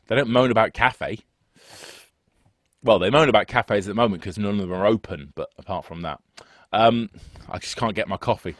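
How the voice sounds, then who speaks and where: A man's voice: fairly low pitch, no room sound, studio quality. A man teaching an online music theory lesson on a video call, chatty and self-deprecating, wandering off into asides. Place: home setup with two screens. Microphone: desk microphone on a video call.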